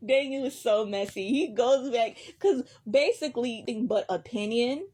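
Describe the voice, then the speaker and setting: Profane, animated woman vlogger. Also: a little high, measured pace, husky. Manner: blunt, heavily profane, animated retelling. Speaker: reaction vlogger. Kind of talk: casual live reaction recap.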